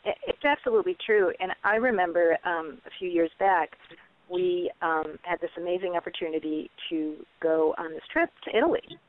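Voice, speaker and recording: A woman's voice: lowish voice, moderate pace, no echo. A middle-aged woman, a parenting author, telling stories earnestly in a webinar interview and acting out her children's voices. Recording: tinny phone-like webinar audio.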